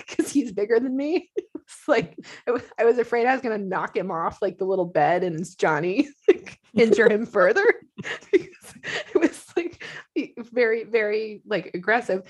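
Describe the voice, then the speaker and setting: A middle-aged woman co-hosting a casual chat podcast, telling stories in an animated way and laughing often. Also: mid-range voice, breathy edge. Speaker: podcast co-host.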